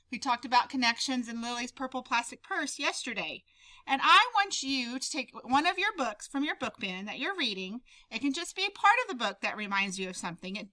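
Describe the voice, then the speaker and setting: A woman teacher talks young students through a story, animated and encouraging. Her voice is high and bright. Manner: animated, explaining to children. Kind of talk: reading aloud to a class.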